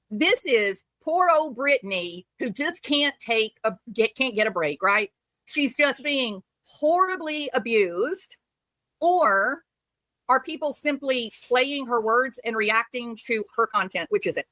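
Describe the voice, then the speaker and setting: A woman's voice: fairly high pitch, animated, a little slow, bright, forceful tone, no echo, low-quality recording. A woman hosting a live stream, giving angry, sarcastic commentary. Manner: sarcastic, mocking. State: furious.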